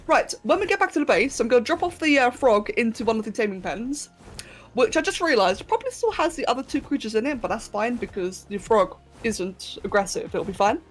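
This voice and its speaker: A young British woman rambles cheerfully to her live chat as she plays, giggling often and talking in a slightly high voice. Her throat sounds a bit sore, and faint game music sits behind her. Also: animated, fairly quick, slightly rough. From Britain. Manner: chatty, giggly, talks to chat. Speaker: streamer. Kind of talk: casual live-stream chat while gaming.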